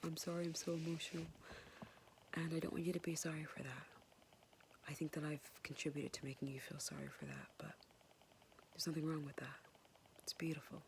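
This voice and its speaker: A woman whispering a soft, hesitant, tender and apologetic personal message to her son, pausing often. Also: deep voice, expressive, slight background noise. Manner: soft and hesitant, many pauses and fillers. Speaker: mother speaking to her son.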